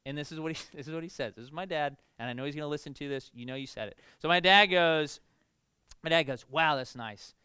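Bright, clear-voiced man preaching casually. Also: a little high, fast, no echo, studio quality. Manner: casual, animated, lots of fillers. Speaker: pastor. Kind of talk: conversational sermon with storytelling.

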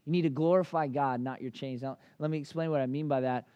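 A man in his thirties preaching a sermon in a casual, lively way, full of fillers and asides. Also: mid-range voice, fast, no echo, dull audio. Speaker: pastor.

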